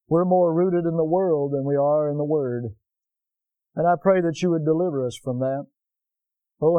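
Man, pastor, earnest sermon, call-and-response, fairly high mellow voice, dry close sound. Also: dry recording, poor audio.

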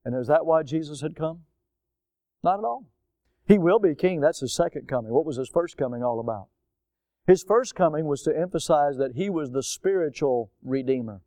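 A man's voice: fairly high pitch, a little fast, dark tone, dry recording, clean studio sound. A male pastor preaching a sermon, posing rhetorical questions and repeating key words for emphasis, then leading a prayer. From United States.

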